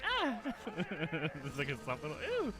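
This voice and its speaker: A man's voice: fairly high pitch, huge pitch swings, unhurried. A man streaming a game live, chatting casually, swearing a lot and laughing often.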